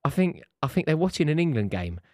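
A young man co-hosting a football watchalong in casual chat, with excitable, blokey banter and shouts at big moments. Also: on the high side, quick pace, dry recording, studio quality. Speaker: co-host.

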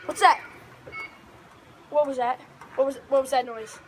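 A woman acting in an amateur horror skit in a backyard at night, panicky, switching between shouting and whispering. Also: sits high, steady tone, measured pace. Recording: noisy outdoor home recording.

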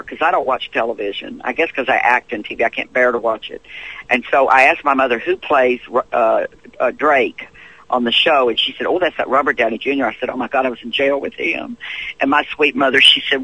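A man's voice: medium pitch, a little fast, breathy edge, low-quality recording. A man in his fifties from Tennessee with a Southern accent, a guest in an interview, telling stories animatedly and acting out other people's voices. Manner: acts out quoted voices with lively swoops.

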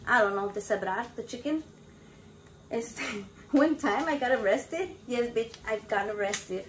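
A woman's voice: a little high, lively intonation, measured pace, a little hiss or hum. A brash woman chatting in a casual cooking vlog from her home kitchen, swearing constantly and mixing in Spanish words. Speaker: home cook vlogger.

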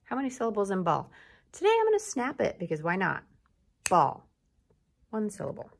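A woman teacher giving a slow, encouraging recorded lesson to young children, prompting them to repeat words. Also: mid-range voice, huge pitch swings, gravelly.

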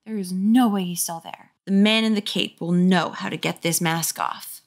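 A woman's voice: on the low side, moderate pace. A woman with a sore throat reading a children's horror book aloud, breaking in with sarcastic, mocking asides. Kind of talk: comedic book reading with commentary.

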